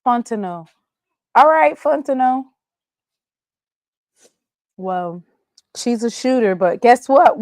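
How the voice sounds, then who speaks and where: A woman hosting a casual sports show, excitable and answering chat commenters by name. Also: on the high side, takes it slowly, long pauses, dry recording, studio quality.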